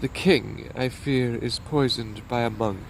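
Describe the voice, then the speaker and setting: Wary soldier on night watch, read by a man, slow and earnest, faint outdoor noise. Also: medium pitch, steady tone, gravelly.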